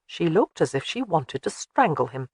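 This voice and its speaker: An audiobook narrator reading a historical romance with expressive storytelling. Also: mid-range voice, moderate pace, husky, dry recording, studio quality.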